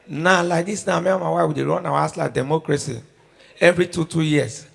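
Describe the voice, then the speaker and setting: A man's voice: on the high side, fairly quick, creaky, breathy edge. A young Nigerian man doing stand-up, telling stories in Pidgin at a live show. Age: young adult. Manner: storytelling in Nigerian Pidgin, animated. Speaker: stand-up comedian. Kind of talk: stand-up comedy routine. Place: live comedy show venue.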